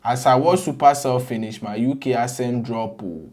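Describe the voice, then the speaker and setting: A man with a Ghanaian accent hosts a casual entertainment gossip show. He talks in a chatty, code-switching way full of animated asides. His voice sits at an average pitch. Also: moderate pace. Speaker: entertainment news host. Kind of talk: casual gossip commentary mixing English and Twi.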